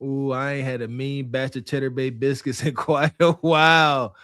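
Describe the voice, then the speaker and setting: A man's voice: medium pitch, fairly even intonation, moderate pace, fairly bright tone, clean tone, dry recording, clean studio sound. A man co-hosting a podcast, giving casual, mocking commentary and laughing often. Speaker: podcast co-host.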